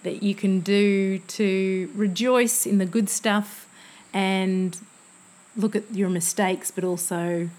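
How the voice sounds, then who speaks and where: A woman's voice: medium pitch, fairly even intonation, slow, darkish tone. A woman in her forties co-hosting a podcast, chatting casually and reflectively, laughing easily. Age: 40s. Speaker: podcast co-host. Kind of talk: casual chat.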